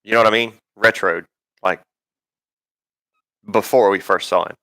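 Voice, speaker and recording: A man's voice: on the low side, fairly even intonation, moderate pace, sharp tone, dry recording, rough recording. A man hosting a live stream, rambling and swearing in casual talk, full of ums and restarts.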